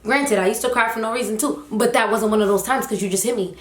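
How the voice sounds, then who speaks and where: A young woman vlogger telling a story in a casual, animated, slangy and emphatic way. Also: a little high, fast talker. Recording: roomy echo.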